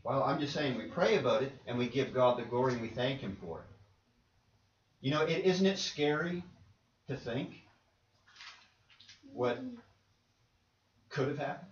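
Man, pastor, conversational sermon, animated voice, distant dull roomy recording. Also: mid-range voice, unhurried, pauses often, slight background noise. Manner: conversational preaching with rhetorical questions. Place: church sanctuary.

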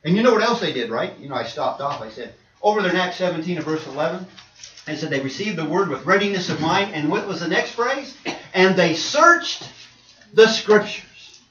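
A middle-aged man preaching a sermon, swinging between quiet asides and loud, emphatic points. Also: on the high side, animated, quick pace. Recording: roomy, distant and dull with faint noise.

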